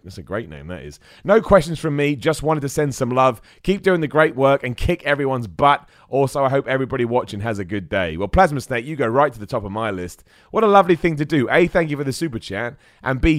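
Young man, casual live podcast host, chatty and upbeat, mid pitch, dry close mic. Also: no echo. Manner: chatty, animated, reads out viewer messages. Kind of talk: live-streamed wrestling podcast chat.

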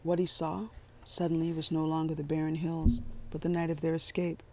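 A man giving a measured, scripted narration of a story. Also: fairly high pitch, completely flat delivery, dark tone. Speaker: audiobook narrator.

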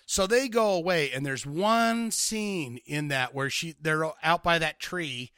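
A man's voice: fairly high pitch, unhurried, pushed and bright, smooth, no echo, studio quality. A man co-hosting a podcast in casual chat, rambling as he retells scenes. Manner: rambling, acts out quotes of others. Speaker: podcast co-host.

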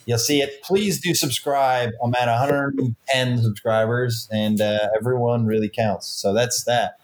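A young stand-up comedian grumbling on a podcast, his voice at an ordinary middle pitch. He is exasperated and profane, and the chat stays casual and offhand. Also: steady tone, unhurried.

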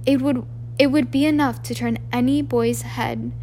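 A woman reading an audiobook, voicing a wise old male wizard in a calm, firm, quiet manner. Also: high-pitched, moderate pace, slight background noise. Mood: grave.

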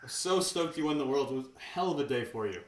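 Brief: male podcast host, mid-pitched, slangy and stoked. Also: fast talker, echoey room, background noise. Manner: excited, slangy, says "dude" and "bro". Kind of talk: casual chat.

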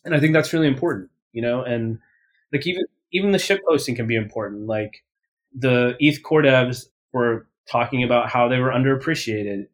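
A man's voice: medium pitch, a bit bright. A man talking casually as a podcast guest, blunt and profane, rambling with lots of fillers and self-corrections. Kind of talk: casual interview talk.

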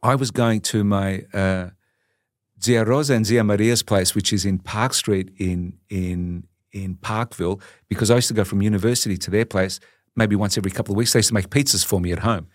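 An Australian man in his sixties, a podcast guest telling stories in a lively, animated way. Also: on the low side, a little fast, no room sound, studio quality. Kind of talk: casual storytelling.

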